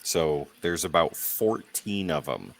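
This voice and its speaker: A man narrating a tabletop game as game master in a relaxed, descriptive way. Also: deep voice, slow, creaky.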